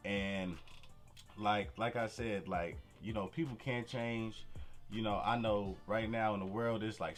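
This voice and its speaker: Young man, low voice, casual storytelling, slangy, faint music underneath. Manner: relaxed street slang, frequent "you feel me". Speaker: vlogger.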